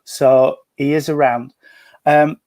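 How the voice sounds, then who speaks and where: A man giving a gentle, chatty mediumship reading at home over a video call, full of endearments. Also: on the high side, fairly even intonation, takes it slowly, dry recording. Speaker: spiritualist medium. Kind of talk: mediumship reading in an online service. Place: at home at a breakfast table.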